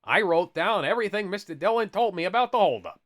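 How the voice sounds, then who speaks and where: A man's voice: sits high, lively intonation, fast, crowd noise, voice pushed up. A man voicing a stern, middle-aged small-town police chief father in a mock-solemn dad voice, in a comic read of a kids' book.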